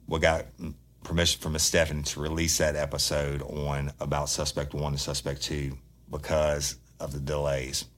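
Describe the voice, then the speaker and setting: A man hosting a true crime podcast, talking bluntly and heatedly in a casual monologue, swearing freely. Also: rumbling low.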